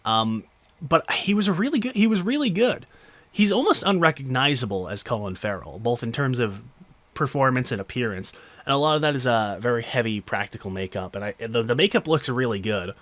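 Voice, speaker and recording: A man's voice: medium pitch, expressive, fairly quick, fairly bright tone, no room sound. A man hosting a podcast, giving an unscripted, rambling solo film review with lots of fillers and casual swearing. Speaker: podcast host.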